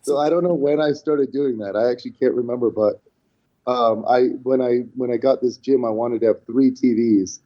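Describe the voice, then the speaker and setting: A man in his forties appears as a podcast guest, telling stories in casual chat as an animated storyteller who acts out quotes and restarts often. He talks at medium pitch and a moderate pace, and the recording sounds dull and lo-fi.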